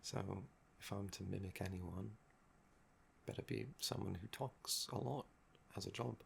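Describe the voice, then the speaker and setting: A young man with a gravelly, fry-laden voice, talking in a soft-spoken ASMR chat that meanders and trails off. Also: deep voice, measured pace, a little hiss or hum. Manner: meandering and musing, often trailing off with "um". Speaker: ASMR channel host.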